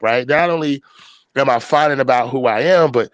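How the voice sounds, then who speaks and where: A man being interviewed as a podcast guest, telling a personal story in casual talk. He jumps between low, mumbled asides and loud, excited quotes, with a lot of slang and "right?" and "you know" tags. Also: brisk, no room sound.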